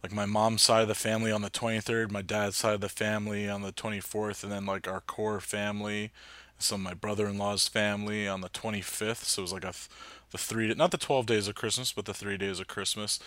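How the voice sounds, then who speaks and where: Chatty low-voiced podcast host. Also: male voice, flat delivery, fairly quick, a bit bright, no room sound. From New Jersey. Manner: rambling, chatty, lots of fillers and restarts. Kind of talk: casual solo podcast chat.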